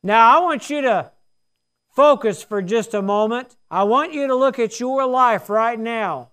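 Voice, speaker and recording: A man's voice: very high-pitched, unhurried, fairly bright tone. A man in his sixties preaching a sermon, telling his story in a folksy, earnest way. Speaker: pastor.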